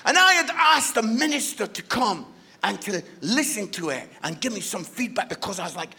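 High, bright-voiced preacher. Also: male voice, moderate pace, creaky, husky. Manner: animated, playful, addresses the audience directly. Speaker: guest preacher. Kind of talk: humorous storytelling sermon.

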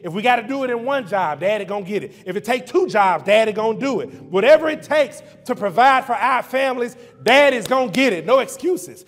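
Brief: man preacher, high voice, rhythmic rhyming sermon delivery, long church-hall reverb. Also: a bit bright. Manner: rhythmic rhyming preaching with call-and-repeat lists.

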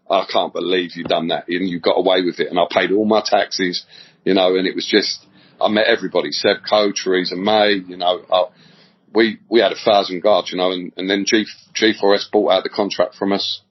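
A man's voice: deep voice, slightly rough. A middle-aged man from England, telling stories as a podcast guest in a rambling, slangy way, often repeating words. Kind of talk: casual storytelling interview. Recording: dull lo-fi audio.

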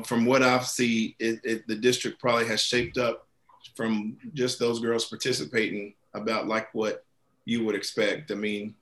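Flat-voiced coach, halting and earnest. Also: male voice, on the low side. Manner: halting, many fillers and restarts, earnest. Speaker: girls basketball head coach, guest. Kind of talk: interview answers.

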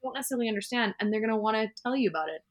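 A woman co-hosting a casual chat about weddings, chatty and animated, telling stories with laughter. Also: a little high, racing, heavy background noise. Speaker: wedding podcast co-host.

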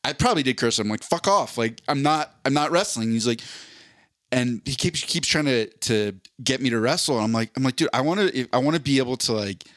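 A man's voice: medium pitch, expressive, fairly quick, fairly bright tone, dry recording, clean studio sound. A man in his forties telling a long story on a podcast, rambling and swearing, full of fillers and restarts. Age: 40s. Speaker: podcast host. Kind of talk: casual storytelling chat.

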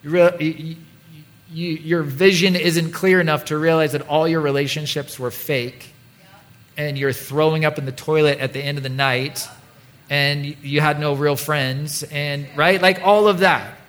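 A man delivers a sermon in a church with a casual, joking manner. His voice sits a little high for a man, and he talks to the congregation as if chatting with friends. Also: fairly even intonation, moderate pace, fairly bright tone. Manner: conversational and playful, with mock voices. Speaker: pastor.

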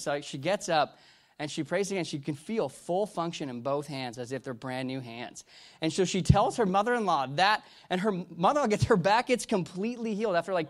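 Animated man telling a sermon story. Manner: animated storyteller, acts out quoted dialogue with big pitch jumps. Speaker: preacher.

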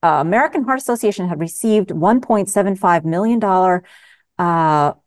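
A woman's voice: fairly low pitch, moderate pace. A middle-aged woman physician speaking as a guest in a casual interview, emphatic and passionate, often restarting her sentences.

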